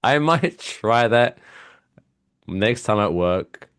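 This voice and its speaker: A man's voice: medium pitch, animated, slow pace, a bit bright, clean tone, no room sound, studio quality. A young man from England with an English accent, chatting casually as a podcast co-host and acting out customers with lots of swearing. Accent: English, from east of London. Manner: swearing, acts out customers in bursts. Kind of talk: casual chat.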